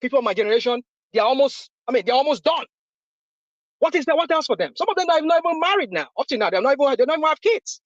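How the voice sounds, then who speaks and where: High-voiced, impassioned Nigerian man. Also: sing-song, rapid-fire, no echo. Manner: impassioned, repetitive, blunt. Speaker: discussion panelist. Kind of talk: heated live audio chat. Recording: dull lo-fi audio.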